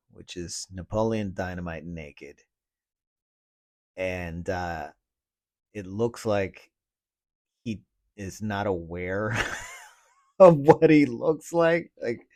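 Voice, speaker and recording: Dude ranting on his podcast, slow, cussing a lot, laughs at himself. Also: on the low side, darkish tone. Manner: profane, griping and laughing. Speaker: podcast host. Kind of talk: casual solo rant.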